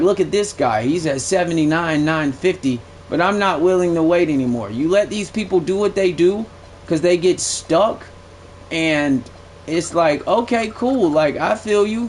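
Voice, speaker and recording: A man's voice: on the high side, a little hiss or hum. A young man streaming a game live, giving blunt, profane play-by-play commentary that swings into aggravation. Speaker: gaming streamer.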